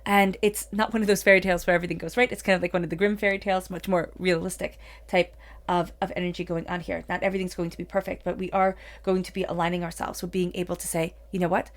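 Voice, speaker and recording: A woman's voice: fairly low pitch, level tone, fast. A woman giving a solo tarot reading in an earnest, encouraging manner, with many "you know"s. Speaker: tarot reader.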